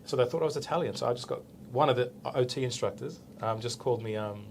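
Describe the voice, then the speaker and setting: A man's voice: mid-range voice, fast, vocal fry, slight background noise. A man in his forties with an Australian accent, a police officer being interviewed, telling a story casually and acting out the dialogue. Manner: animated, acts out the dialogue, tags with "right?".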